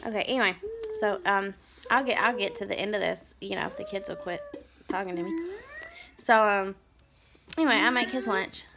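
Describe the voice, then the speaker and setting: A mother in her thirties telling a story in a rambling, animated vlog and turning aside to her children. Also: mid-range voice, normal speed, long pauses, noisy background. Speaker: mother vlogger.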